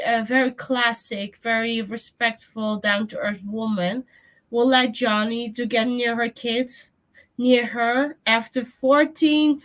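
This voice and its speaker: A woman chatting on a live stream, talking in an animated, indignant, rambling way. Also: a little high. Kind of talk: casual live-stream chat.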